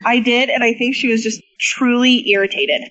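A woman co-hosting a casual chat, animated, swearing freely and laughing often. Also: a little high, normal speed, lo-fi sound. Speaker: podcast co-host.

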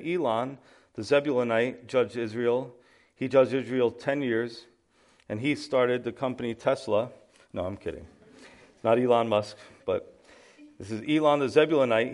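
A male pastor with a New York accent delivers a lively sermon. He reads scripture and then tells it as a story, with jokes and asides to the congregation. His voice sits at an ordinary middle pitch. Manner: animated storyteller, acts out quotes with humorous asides.

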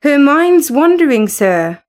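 A dutiful household servant answers in a firm, soothing and earnest way, as a woman narrator puts them on. The delivery is slow and measured, like a storybook reading. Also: high voice, very animated, darkish tone, heavily acted.

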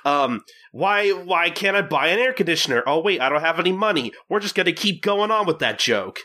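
Exasperated, broke young samurai, pitched high and bright, a man putting it on. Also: animated, a little fast. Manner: exasperated ranting, raised pitch.

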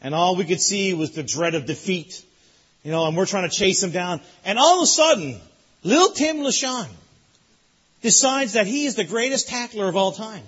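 A man preaching a sermon as a pastor, telling a lively story that builds in excitement. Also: sits high, normal speed, husky, muffled recording. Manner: animated storytelling, rising loud in excitement.

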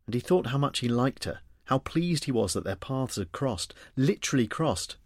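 A man reading a novel aloud as an audiobook narrator, expressive and shifting his voice for the dialogue. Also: mid-range voice, normal speed, dry recording, studio quality.

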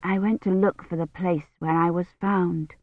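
A woman voicing a weak, ill young woman who speaks quietly and faintly. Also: mid-range voice, a little slow, no room sound, lightly acted. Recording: tinny phone-like dry sound.

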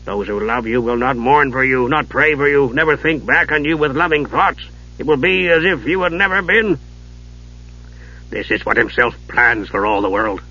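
A man voicing a worried old male dwarf with a deep, grim voice, giving dread-filled warnings. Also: lively intonation, normal speed, bright, forceful tone. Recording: dull lo-fi audio.

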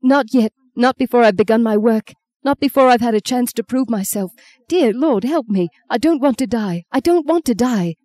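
A woman's voice: medium pitch, steady tone, moderate pace, dark tone, natural voice. A woman reading the part of a young man dying in the sea, in anguished, pleading prayer, as an audiobook character. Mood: panicked.

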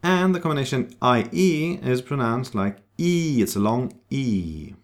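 A man teaching pronunciation, saying example words slowly and repeating each sound. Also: medium pitch, lively intonation. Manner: slow, demonstrative, repeating sounds. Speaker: German teacher. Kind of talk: pronunciation lesson.

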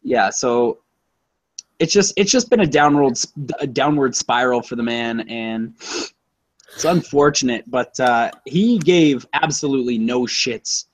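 A man co-hosts a casual movie-review podcast in an expressive, medium-pitched voice at a measured pace, with no echo. He rambles and swears, using many fillers and correcting himself often.

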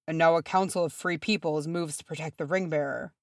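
Woman as gentle older dwarf man, low and steady, dry sound. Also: a little fast, dry recording. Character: kindly older male dwarf lord.

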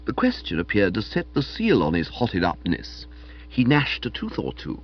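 Animated man narrating a comic novel. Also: on the low side, moderate pace, breathy edge. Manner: animated, wry storytelling, characterful quotes. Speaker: audiobook reader. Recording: dull lo-fi recording.

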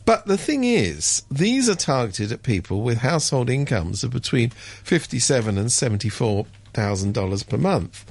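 Brief: sardonic male radio commentator, gravelly, lively pitch, dry studio sound. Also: moderate pace, few pauses, no room sound. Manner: wry, sardonic, mimics others with sudden high pitch jumps. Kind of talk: casual radio chat.

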